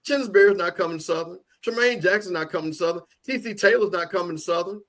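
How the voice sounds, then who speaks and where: Man co-host with a high voice, emphatic and repetitive, casual sports talk. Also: quick pace, fairly bright tone. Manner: emphatic, repeats points for stress.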